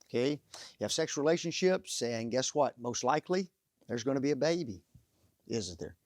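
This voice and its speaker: A man preaching a sermon, telling stories and pausing to let the audience fill in the blanks. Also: mid-range voice, no echo, studio quality. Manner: animated storytelling.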